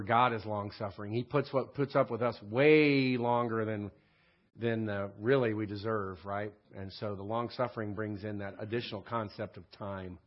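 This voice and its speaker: A man teaching a recorded Bible study lesson in a conversational way. He often checks in with "right?" and keeps clearing his throat. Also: fairly low pitch, muffled recording. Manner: frequent throat clearing and restarts.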